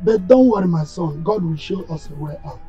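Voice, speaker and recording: A man with a Nigerian accent playing a firm elder brother and father who refuses a demand and calms his son. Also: on the high side, muffled recording, faint music behind. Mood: consoling. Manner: stern, deliberate, religious reassurance.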